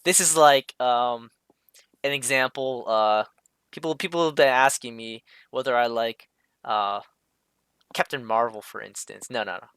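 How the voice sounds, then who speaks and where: Male streamer, casual hesitant commentary, bright tone, dry close recording. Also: mid-range voice, a little slow, smooth, dry recording. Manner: hesitant, many fillers and restarts, self-interrupting. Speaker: streamer explaining a drawing. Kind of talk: casual rambling commentary over a drawing.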